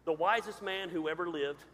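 A man preaching a sermon as pastor, swinging from loud to quiet. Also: high voice. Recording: hall reverb.

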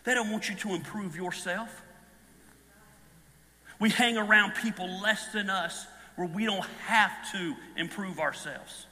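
Man, 50s, preacher, high voice, very bright, animated, echoing hall. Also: unhurried. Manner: animated storytelling, bursts into shouts. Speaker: pastor. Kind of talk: sermon. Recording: long hall reverb.

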